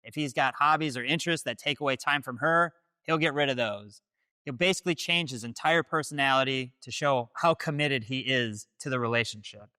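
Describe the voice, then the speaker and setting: A man's voice: mid-range voice, fairly quick, bright, forceful tone, smooth, no room sound, studio quality. A man hosting, delivering scripted dating-advice commentary in a direct, declarative way. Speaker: host.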